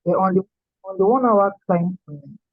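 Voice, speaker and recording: A man's voice: sits high, expressive, moderate pace, no echo. Hesitant young-sounding man on a tinny call. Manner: hesitant, stumbling over his answers. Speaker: trainee student. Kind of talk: answering questions on a call. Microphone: call audio. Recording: tinny phone line, muffled.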